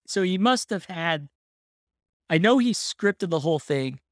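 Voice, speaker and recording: Podcast host, casual storyteller, middle pitch, dry close sound. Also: measured pace, no room sound. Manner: relaxed storyteller, laughs often. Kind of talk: casual chat.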